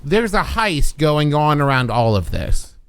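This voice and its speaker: A man co-hosting a podcast, chiming in casually with quick, lively remarks. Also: on the high side, smooth, no room sound. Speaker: podcast co-host.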